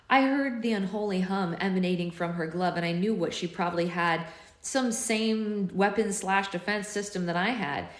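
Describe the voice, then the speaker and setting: A woman's voice: medium pitch, normal speed. A woman hosting a live book club, reading chapters aloud with playful, chatty asides. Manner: chatty, playful, goes off on tangents. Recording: roomy echo.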